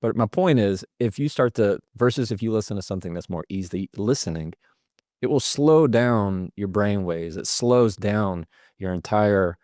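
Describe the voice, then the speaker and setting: Lower-voiced man giving calm advice. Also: moderate pace, dry recording, clean studio sound. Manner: illustrates points with acted-out sample lines. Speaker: guest. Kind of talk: conversational advice.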